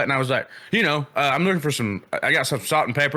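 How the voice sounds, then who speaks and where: A man's voice: mid-range voice, big pitch swings, moderate pace, pauses often, sharp tone. A man, telling a profane story in a casual podcast chat. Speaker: podcast co-host.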